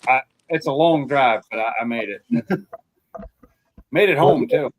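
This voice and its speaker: A man's voice: medium pitch, animated, measured pace, low-quality recording. A man hosting a live stream, welcoming viewers and chatting casually. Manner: friendly, welcoming callers.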